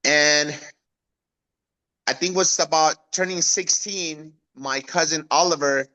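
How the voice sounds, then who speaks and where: A man's voice: takes it slowly, rough recording. A man in his thirties from Guatemala, a guest telling his life story in an interview, acting out the people he quotes with a raised voice. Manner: animated, acts out quoted voices with raised pitch.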